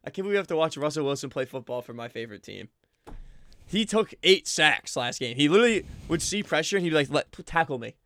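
A man's voice: on the high side, lively intonation, fast, fairly bright tone. A young man co-hosting a casual sports podcast, ranting in an exasperated, fired-up way. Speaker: podcast co-host.

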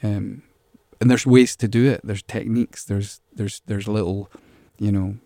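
A man's voice: lowish voice, fairly even intonation, a little slow, vocal fry, warm tone, dry recording. A man being interviewed as a musician, talking casually and rambling, repeating words as he thinks. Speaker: musician guest.

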